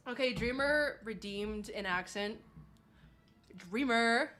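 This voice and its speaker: A woman's voice: on the high side, slow, a bit bright. A young woman streaming, chatting casually and reading chat aloud, saying "like" a lot and laughing often.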